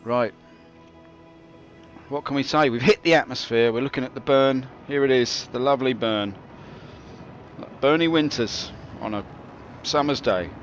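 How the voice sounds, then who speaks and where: A man's voice: mid-range voice, a little slow, lo-fi sound, faint music behind. Rambling man streaming a game. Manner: rambling, mock-philosophical, jokey. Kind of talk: casual gameplay commentary.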